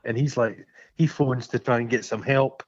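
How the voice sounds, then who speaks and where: A Scottish man in casual podcast chat, crude and jokey as he recounts a film. His voice sits at a middling pitch. The sound is a bit dull and lo-fi. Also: fairly even intonation, normal speed, husky. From Scotland. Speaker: podcast co-host.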